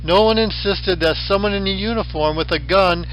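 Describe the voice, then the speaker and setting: Bright-voiced man lecturing with dry wit. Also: high voice, normal speed, a little hiss or hum, poor audio. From western United States. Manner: dry, wry delivery with deadpan asides. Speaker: professor. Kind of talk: recorded lecture with slideshow.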